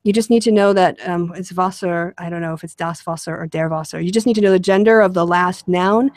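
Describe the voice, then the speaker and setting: A woman's voice: fairly low pitch, fairly quick, a little mellow, no echo. A woman hosting a casual conversation, explaining ideas in a rambling way with lots of fillers and restarts. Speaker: show host.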